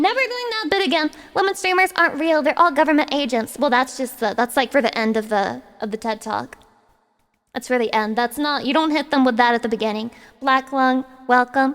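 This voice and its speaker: Woman streamer, real high voice, goofy dramatic chat banter, swears a lot, lots of reverb. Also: moderate pace, fairly bright tone. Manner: playful and dramatic, reads chat aloud and swears. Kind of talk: casual live-stream chat.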